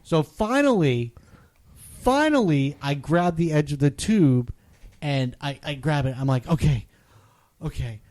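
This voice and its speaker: Man, podcast co-host, casual storytelling, animated, acts out quotes. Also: on the high side, measured pace.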